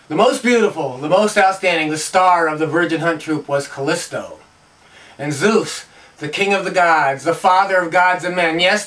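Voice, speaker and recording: A man's voice: on the high side, a bit bright. Playful punning male storyteller. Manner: playful, punning, rhythmic repetition. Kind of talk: oral storytelling of animal lore and myth. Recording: distant from the mic.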